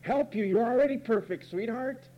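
Coddling parent, sing-song and high, as a male preacher mocks them. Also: normal speed, highs cut off. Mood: doting. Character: doting, dismissive parent spoiling a child.

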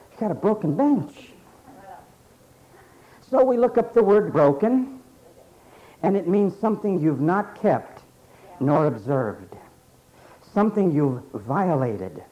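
A man preaching a sermon emphatically, repeating phrases and pausing for effect. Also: fairly high pitch, very animated, warm tone. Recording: dull lo-fi sermon recording.

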